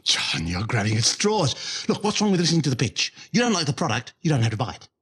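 An actor playing a cocky male jester con man with an Australian accent and a raspy, fast-talking sales pitch. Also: big pitch swings, a bit bright, heavily acted. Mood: wheedling. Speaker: actor in a sci-fi series.

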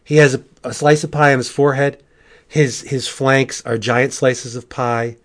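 Podcast host, male, mid-pitched, rambling and animated, full of asides. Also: normal speed. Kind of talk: casual comic book review.

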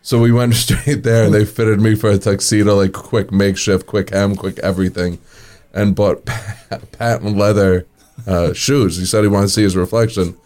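A deep-voiced man tells his story in a relaxed, chatty way. He chuckles as he goes and leans on fillers like "you know" and "uh." He speaks as a guest in a casual interview. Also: moderate pace, few pauses. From New York area. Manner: lively storyteller, chuckles often, many fillers.

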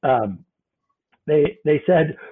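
Guy cohosting a podcast, husky voice, sounds like a phone line, laughs a lot. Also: fairly high pitch, extremely slow. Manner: animated, swears and laughs often. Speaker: podcast co-host. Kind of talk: casual chat.

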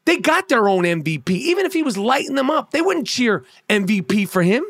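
A man's voice: extremely high pitch, sing-song, brisk, few pauses, a bit bright, dry recording, studio quality. A male comedian delivering a heated, profane sports rant, blunt and sarcastic, stumbling over repeated words.

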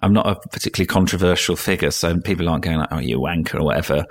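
A man's voice: low-pitched, steady tone, racing. A man chatting as a podcast guest, telling self-mocking stories with lots of ums and restarts. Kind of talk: casual podcast chat.

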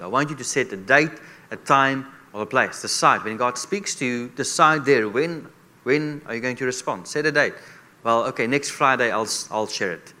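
A man's voice: mid-range voice, sharp tone. A man preaching a sermon as a guest speaker, repeating rhetorical questions to the congregation.

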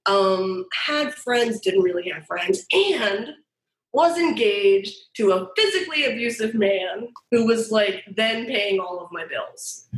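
A woman guest telling her story candidly, animated and profane, acting out quoted voices. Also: mid-range voice, takes it slowly. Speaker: guest designer. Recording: roomy echo.

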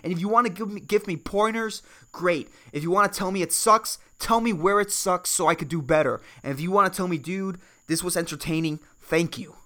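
A man's voice: high-pitched, fairly quick, few pauses, pushed and bright. A man from Puerto Rico hosting a solo comedy podcast, rambling and swearing, swinging between worked-up rants and mumbled asides. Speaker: podcast host.

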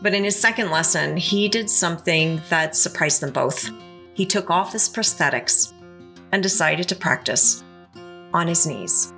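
A woman's voice: fairly low pitch, a little slow, creaky, bright, forceful tone, soft background music. A woman hosting a podcast, narrating scripted segments with asides to the listener. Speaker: podcast host.

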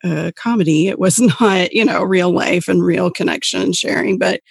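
A woman's voice: fairly low pitch, moderate pace, gravelly, husky, no echo, clean studio sound. A woman hosting a podcast who talks in a reflective, conversational way about mothers' support groups. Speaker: podcast host. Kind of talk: casual podcast talk.

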